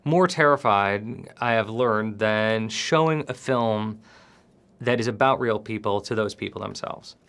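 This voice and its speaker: Measured male director in an interview. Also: lowish voice, fairly bright tone, clear, resonant tone. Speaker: film director. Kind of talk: press interview.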